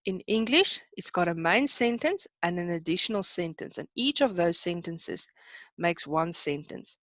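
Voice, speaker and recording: A woman's voice: lowish voice, expressive, moderate pace, a bit bright, no echo. Woman teaching an online class. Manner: explains terms in two languages, checks in with students. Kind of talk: online lesson.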